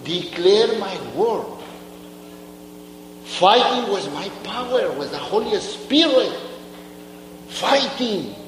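A man delivers a church testimony in slow, halting bursts, repeating short phrases for emphasis. His voice sits a bit high and swings widely in pitch. He is heard in a reverberant hall with a faint hum behind him. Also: lively intonation. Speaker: church speaker giving testimony. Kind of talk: sermon testimony.

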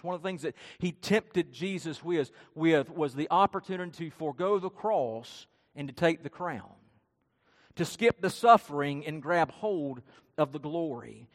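A man with a high voice preaching a sermon, swinging between loud, pointed outbursts and quiet, low asides. His words ring out with a long hall reverb. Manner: dramatic storytelling, acting out quotes with rising and falling intensity.

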